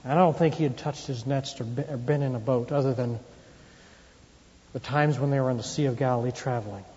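A man preaching a sermon in an animated, folksy storytelling way, acting out quotes, recorded with dull lo-fi sound and long hall reverb. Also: medium pitch, brisk.

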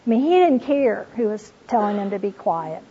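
A woman's voice: mid-range voice, sing-song, normal speed, mellow, slightly rough. A woman teaching from the Bible in an earnest, storytelling way, reading passages aloud and speaking to listeners as "you all". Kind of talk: devotional teaching talk. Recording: dull lo-fi recording.

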